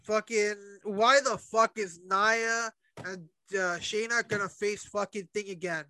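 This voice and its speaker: A man's voice: high voice, steady tone, unhurried, sharp tone, no room sound. A man co-hosting a casual wrestling chat, mostly giving short agreeing replies and swearing heavily when he rants. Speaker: podcast co-host.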